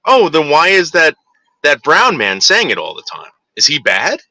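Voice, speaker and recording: A man's voice: a little high, huge pitch swings, moderate pace, pushed and bright, no echo, full character voice. A man voicing a naive, curious young child who keeps asking questions. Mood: questioning.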